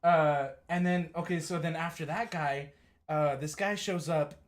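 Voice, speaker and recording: A man co-hosting a casual live-stream talk, telling anecdotes in an animated, joking way. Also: a little high, unhurried. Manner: animated storyteller, jokey, laughs often. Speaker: co-host. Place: home, joined remotely.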